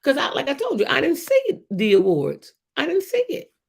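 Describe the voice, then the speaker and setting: Animated woman with a gravelly voice. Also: sits high, normal speed. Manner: animated and emphatic, with frequent restarts and repetition. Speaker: host of a livestream show. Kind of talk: casual livestream commentary, reading viewer comments.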